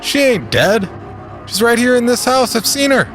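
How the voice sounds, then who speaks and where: A man voicing a demented, barricaded man who taunts and laughs, his voice shrill and frantic. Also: big pitch swings, moderate pace, fairly bright tone, faint music behind, heavily acted.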